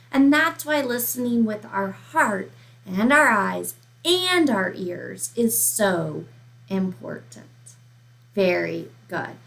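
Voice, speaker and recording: A woman school counselor giving a slow, emphatic lesson to young children. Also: on the high side, sing-song, creaky, a bit bright. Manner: slow, emphatic teacher talk to young kids.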